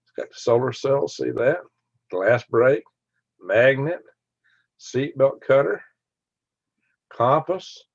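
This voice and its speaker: A Southern US man hosting a casual livestream reads viewer comments in a gravelly, medium-pitched voice with lively intonation. He takes it slowly, pauses often, rambles folksily, and chuckles a lot. The recording is dry and lo-fi.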